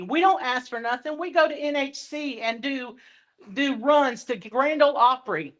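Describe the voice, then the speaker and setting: A woman's voice: fairly high pitch, lively intonation, a little slow, fairly bright tone. Woman bus driver, plain-spoken, passionate, a bit defiant. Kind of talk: public comment at a board meeting.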